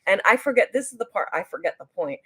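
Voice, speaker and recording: A woman tells a story on her livestream in a loose, rambling way. She often loses her place and restarts, then jumps into high, excited bursts when she quotes someone. It sounds like casual talk from home. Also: fast talker, breathy edge. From New Jersey. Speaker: beauty vlogger.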